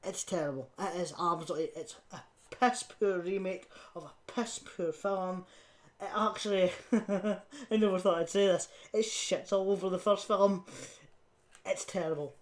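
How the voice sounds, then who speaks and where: A woman's voice: fairly low pitch, fairly even intonation, moderate pace. A woman co-hosting a podcast in casual film review chat, blunt and scathing, laughing often and swearing casually. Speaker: podcast co-host.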